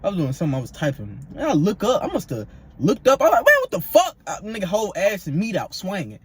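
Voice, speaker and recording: A man in his twenties telling a story in an animated, slangy way, repeating himself for emphasis. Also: sits high, quick pace, breathy edge. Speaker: vlogger. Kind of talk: storytime vlog.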